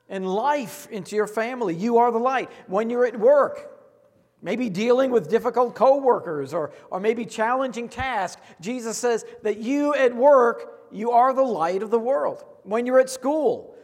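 Male pastor, high voice, earnest sermon cadence, recorded in a reverberant sanctuary. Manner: earnest, repetitive preaching cadence. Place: church sanctuary. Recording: long hall reverb.

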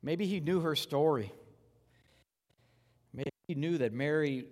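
Guy preaching a sermon, kinda high voice, chatty then hushed, big hall reverb. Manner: conversational preaching, swings from loud rhetorical questions to hushed, slow reverence. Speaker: pastor.

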